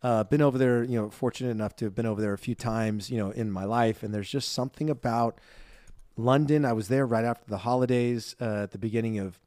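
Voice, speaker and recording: A man's voice: mid-range voice, steady tone, quick pace, darkish tone, no echo, clean studio sound. A man co-hosting a podcast, chatting in a bubbly, jokey way. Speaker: podcast co-host. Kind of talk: casual chat.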